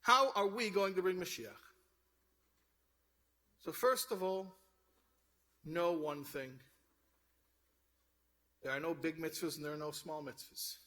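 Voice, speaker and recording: A man's voice: on the high side, takes it slowly, long pauses, sharp tone. A man giving a sermon, telling a story and then urging his listeners on with rising fervor. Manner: storytelling, rising to fervent exhortation. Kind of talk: sermon with told joke.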